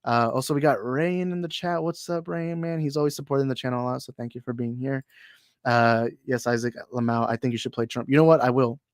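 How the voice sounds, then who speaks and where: A young American man hosts a casual movie livestream, reading chat comments and riffing on them. He rambles, jokes, loses his place and laughs often, his voice sitting at an ordinary middle pitch. The sound is dry and close, from a desk mic at his computer. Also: steady tone, a little fast, no room sound. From United States.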